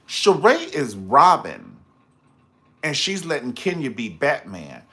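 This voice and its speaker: A sassy, lively man reviews reality TV on a live stream, offering casual commentary that's dramatic, gossipy, and full of slang asides. He chats with viewers in the live comments. His pitch is medium, and he takes it slowly.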